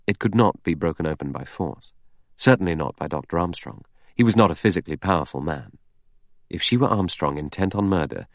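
A man narrates a novel in a low, deep voice. His delivery is measured and deliberate. The recording is dry and close. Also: dry recording. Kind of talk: audiobook narration.

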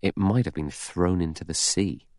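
A man's voice: sits low, lively intonation, moderate pace, no room sound, clean studio sound. A man voicing a stolid, suspicious ex-policeman in an audiobook, blunt and plodding.

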